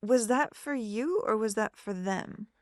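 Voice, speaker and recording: A woman's voice: on the high side, measured pace, no echo, clean studio sound. A woman hosting a podcast, asking a guest conversational questions. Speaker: podcast host. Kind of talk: interview questions.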